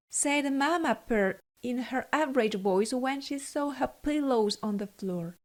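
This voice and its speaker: Woman storyteller for kids, fairy tale, unhurried and gentle, a bit high. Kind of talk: children's fairy tale narration.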